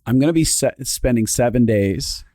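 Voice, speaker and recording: A man co-hosting a podcast, telling a rambling story in casual chat and repeating words as he gets excited. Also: mid-range voice, moderate pace, no room sound, clean studio sound. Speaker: podcast co-host.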